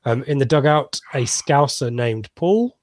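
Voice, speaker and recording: A man talking football as a fan pundit in casual radio chat, dry and sarcastic, often pausing to restart his sentences. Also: medium pitch, lively intonation, a little mellow, no echo.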